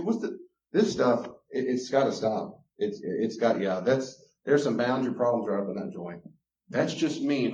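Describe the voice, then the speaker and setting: A man's voice: medium pitch, animated, moderate pace, darkish tone. A man with a Southern US drawl lectures a class with passion, hammering home his points and getting worked up. His voice carries through a roomy space, and the recording sounds dull and lo-fi. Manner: emphatic, gets worked up. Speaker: Christian counselor teaching a class.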